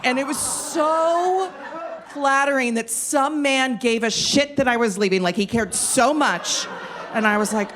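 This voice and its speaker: A woman telling a funny personal story in an animated, self-mocking way. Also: high-pitched, unhurried. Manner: animated, self-mocking, lots of fillers and restarts.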